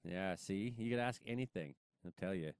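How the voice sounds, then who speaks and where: A man's voice: low voice, moderate pace, clean tone, dry recording. A man hosting a show, chatty and self-deprecating, introducing a guest's videos. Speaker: show host. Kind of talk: casual show banter.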